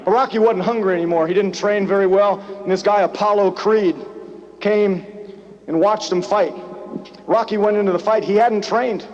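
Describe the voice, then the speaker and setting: A man giving a motivational rally speech, telling a story in punchy, repetitive lines that build to shouts. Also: high-pitched, fairly even intonation, moderate pace. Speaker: motivational business speaker. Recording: dull lo-fi live tape, faint noise.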